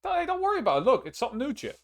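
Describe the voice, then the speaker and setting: A man's voice: extremely high pitch, wildly swooping pitch, rapid-fire, fairly bright tone. A man hosting a casual podcast chat, rambling with frequent restarts and casual swearing. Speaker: podcast host and streamer.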